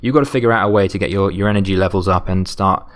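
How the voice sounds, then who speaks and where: A man's voice: sits low, rapid-fire. A man hosting a solo podcast, giving advice in an earnest, motivational way while sounding tired and losing his voice. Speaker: podcast host.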